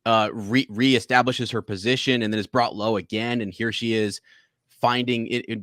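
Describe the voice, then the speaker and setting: A man's voice: medium pitch, fairly even intonation, moderate pace, fairly bright tone, dry recording, studio quality. A man co-hosting a podcast, chatting casually about a TV episode, rambling with many restarts. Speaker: podcast co-host. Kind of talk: casual TV review chat.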